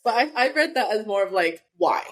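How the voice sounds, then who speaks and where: A woman's voice: mid-range voice, expressive, fast, slight background noise. A woman co-hosting a podcast, speculating thoughtfully about a book and adding short agreeing replies. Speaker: podcast co-host. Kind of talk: casual book discussion.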